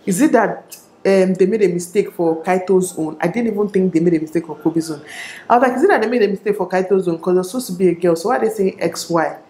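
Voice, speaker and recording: A young woman with a Nigerian accent tells a personal story straight to camera. She talks in an animated, chatty way and acts out the dialogue. The echoey room comes through on the camera mic. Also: on the low side, quick pace. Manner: animated, laughing retelling with quoted dialogue. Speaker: vlogger.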